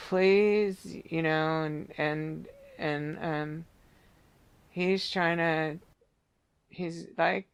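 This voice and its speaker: Psychic reader, slow and halting, gravelly yet smooth tone, searching for words mid-vision. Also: mid-range voice, flat delivery, a bit bright. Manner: halting, searching, many restarts. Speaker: psychic medium. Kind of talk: psychic reading, describing visions.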